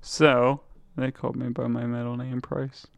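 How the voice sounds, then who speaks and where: A man's voice: mid-range voice, flat delivery, moderate pace, creaky. A man co-hosting a podcast, laid-back and giving short answers. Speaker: podcast co-host. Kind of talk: casual podcast chat.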